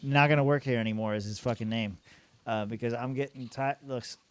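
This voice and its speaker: A man's voice: mid-range voice, normal speed, clean tone, no echo. Young guy on a podcast, rambly and cussing, laughs a lot, mid voice, dead dry mic. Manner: rambling, swears freely, laughs often. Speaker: podcast co-host. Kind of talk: casual fantasy football chat.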